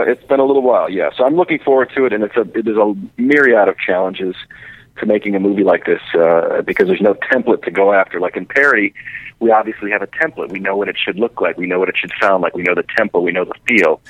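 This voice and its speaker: Low-voiced joking man calling in. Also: animated, fast talker, dry recording, phone-quality sound. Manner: joking, self-mocking. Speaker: caller, film director. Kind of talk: casual radio chat.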